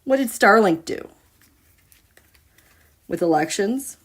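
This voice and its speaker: A woman's voice: mid-range voice, lively intonation, slow pace, husky. A woman giving a casual tarot reading to her viewers, musing and dramatic as she talks through the cards. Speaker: tarot reader.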